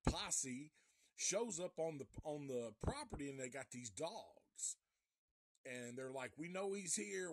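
Slow, profane man. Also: mid-range voice, dry recording, clean studio sound. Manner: profane, rambling, with many restarts. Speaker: film reviewer. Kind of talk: casual live film recap.

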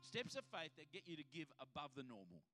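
High, bright-voiced pastor preaching. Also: male voice, a little fast, faint music behind. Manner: lively, conversational preaching with acted quotes and repeated restarts. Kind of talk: sermon. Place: church hall.

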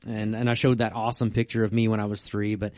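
Relaxed storytelling pastor, dry close sound. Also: male voice, lowish voice, fast, dry recording. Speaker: pastor and podcast co-host. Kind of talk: casual chat.

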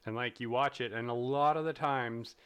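A man co-hosting a casual film podcast, talking in an animated, playful way and laughing often. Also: medium pitch, normal speed, clear, resonant tone. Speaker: podcast co-host. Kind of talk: casual chat.

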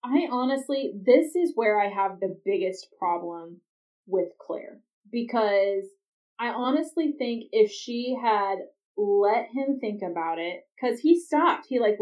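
A woman's voice: mid-range voice, expressive, a little slow, darkish tone. A woman hosting a podcast, recapping a TV episode in casual chat with chatty, exasperated asides. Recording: dull, slightly distant lo-fi recording.

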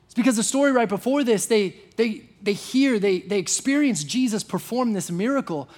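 A man's voice: high-pitched, lively intonation, moderate pace, darkish tone. A young man preaching a sermon in a conversational way, full of fillers and restarts, acting out quoted voices. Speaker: pastor.

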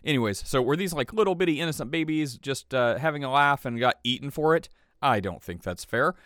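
A man's voice: medium pitch, lively intonation, a little fast, a bit bright, no echo. A man hosting his own podcast, talking in a chatty, rambling way and getting a little worked up. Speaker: podcast host. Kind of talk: casual podcast monologue.

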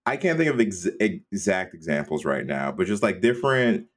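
A man co-hosting a casual movie-review podcast, rambling in a relaxed way with plenty of "like". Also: low-pitched, moderate pace. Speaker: podcast co-host.

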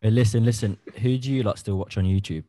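A man's voice: fairly low pitch, quick pace, heavy background noise. A man co-hosting a podcast, teasing his friends in casual banter. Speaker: podcast co-host. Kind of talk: casual chat.

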